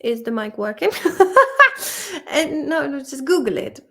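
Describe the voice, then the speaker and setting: A woman's voice: sits high, measured pace. Chatty woman teaching English vocabulary. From Czech Republic. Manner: chatty, swearing, laughing, emotional. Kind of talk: casual vlog-style study session.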